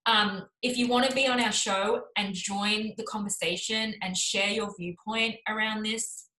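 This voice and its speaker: A woman's voice: mid-range voice, steady tone, unhurried, pushed and bright, echoey room, rough recording. A woman co-hosting a casual live chat, upbeat and chatty with many fillers. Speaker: co-host.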